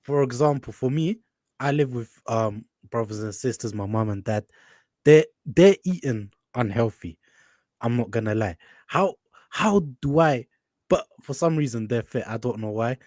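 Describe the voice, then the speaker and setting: A man with a London accent calling into a live stream, asking polite, hesitant questions with many pauses and "um"s. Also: mid-range voice, expressive, a little mellow, no room sound, studio quality. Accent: London English.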